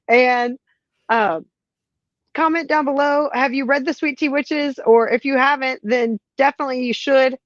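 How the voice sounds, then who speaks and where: A woman's voice: high voice, fairly even intonation, measured pace, pauses often, dry recording. A woman podcast co-host, bubbly and laughing often, signing off the show. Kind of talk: casual podcast chat. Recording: slightly dull lo-fi sound.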